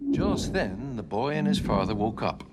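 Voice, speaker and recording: A man telling a folk tale with animated delivery, sound effects and sudden shouts. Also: on the low side, normal speed, heavy background noise. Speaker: storyteller. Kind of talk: folk storytelling with banjo. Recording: banjo music under the voice.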